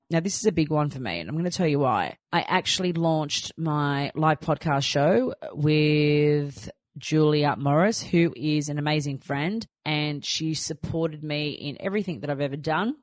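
Chatty Australian woman, low dry voice. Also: dry recording. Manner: chatty storytelling, acting out her own lines. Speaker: podcast host. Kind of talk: casual chat.

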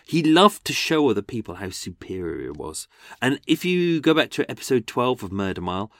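A man's voice: mid-range voice, big pitch swings, a little fast, fairly bright tone, dry recording, studio quality. A man with an English accent hosting a true crime podcast, reading letters and quotes aloud. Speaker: podcast host.

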